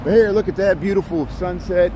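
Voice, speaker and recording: A man's voice: high-pitched, a little fast. Chatty man streaming a city walk. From Indiana. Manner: rambling, chatty, greets passersby. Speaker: walking livestream vlogger. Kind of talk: casual running commentary while walking. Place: city street outdoors at dusk. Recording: outdoor street noise and traffic.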